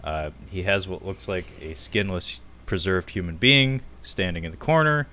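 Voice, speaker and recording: A man co-hosting a casual film podcast, chatty and quick to laugh, full of "like" and "uh". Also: low-pitched, bright, forceful tone. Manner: chatty, laughs often, many fillers like "like" and "uh". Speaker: podcast co-host.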